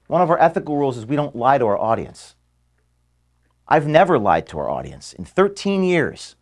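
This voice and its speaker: A man, the founder of an organization, recording an earnest farewell statement to his staff from his office, moving between firm declarations and quiet, emotional passages. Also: mid-range voice. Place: office at headquarters.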